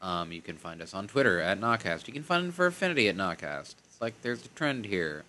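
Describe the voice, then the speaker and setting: A man's voice: fairly low pitch, very animated, a little fast, bright, forceful tone, a little hiss or hum. A man co-hosting a casual podcast, crude and joking in his banter. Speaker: podcast co-host.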